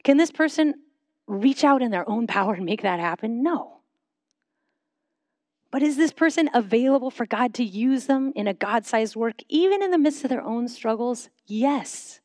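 Soft-spoken woman preaching a reflective sermon. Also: fairly high pitch, expressive, no echo, studio quality. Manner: measured, slowing into soft reflective pauses. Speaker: pastor. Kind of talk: sermon with guided silent prayer.

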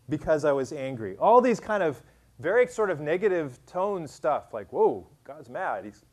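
A man preaching a sermon as pastor, conversational and loose, full of "like" and "um", and reading scripture aloud with rising emphasis. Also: fairly high pitch. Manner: casual, conversational preaching with many fillers.

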